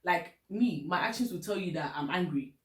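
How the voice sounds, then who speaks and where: A woman's voice: fairly low pitch, animated, moderate pace, echoey room. A woman from Ghana with a Ghanaian English accent, chatting candidly and laughing often as she gives relationship advice. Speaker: vlogger giving relationship advice. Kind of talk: casual advice chat.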